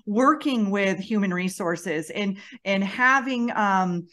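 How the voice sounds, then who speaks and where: A woman's voice: mid-range voice, takes it slowly, fairly bright tone. A woman hosts an interview podcast in a mid-range voice. She speaks reflectively and conversationally, circling back and restarting her sentences as she thinks aloud. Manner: reflective, many restarts and "you know". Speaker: podcast host.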